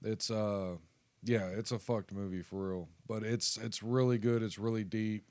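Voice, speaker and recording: A man co-hosting a casual movie podcast, speaking earnestly and in a measured way about films that mean a lot to him. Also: fairly low pitch, steady tone, darkish tone, no room sound. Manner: earnest and measured, with fillers and restarts. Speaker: podcast co-host. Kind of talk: casual movie ranking chat.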